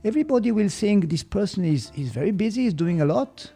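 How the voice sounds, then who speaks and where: Swiss German-accented male guest, slightly high voice, unhurried and explanatory. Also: slightly rough, faint music behind. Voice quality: searches for words, mixes in German. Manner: calm, explanatory, hesitant. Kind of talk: reflective podcast conversation.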